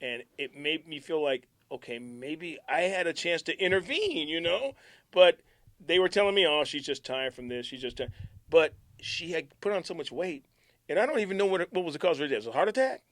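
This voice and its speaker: Animated male radio storyteller, dry sound. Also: on the high side, brisk, no echo. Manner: animated storyteller, acts out quotes, drops to near-whisper. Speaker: radio DJ recalling station stories. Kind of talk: casual storytelling chat.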